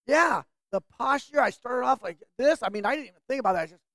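A woman's voice: a little high, lively intonation, fast talker, fairly bright tone, dry recording. A woman leading a Bible class, teaching the group and asking them questions to draw out answers.

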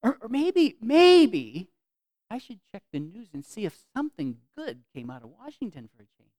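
A man preaching a sermon as pastor, earnest, repeating phrases for emphasis and swinging from loud to soft. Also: very high voice, huge pitch swings, moderate pace, no echo.

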